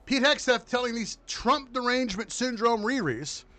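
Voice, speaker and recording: A man's voice: very high-pitched, normal speed, faint music behind. Profane ranting male commentary host. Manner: profane, mocking, animated. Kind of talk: casual political rant.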